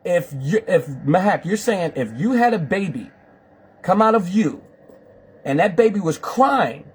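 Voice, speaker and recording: A man's voice: sits high, big pitch swings, measured pace, breathy edge. A man hosting a live stream, pressing his guests with repetitive, preachy questions. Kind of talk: confrontational live call-in chat.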